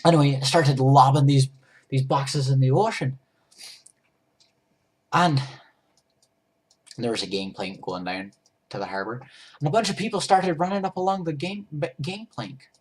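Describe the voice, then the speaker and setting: Husky man, rambling goofy storyteller, narrating while doodling; loose, chatty, self-interrupting. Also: medium pitch, moderate pace, long pauses. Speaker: storyteller and drawer.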